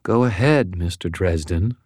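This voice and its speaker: A man voicing a cold, detached older woman who speaks in a flat monotone tinged with dry amusement, pitched above his usual voice. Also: unhurried, dry recording. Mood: dry mocking.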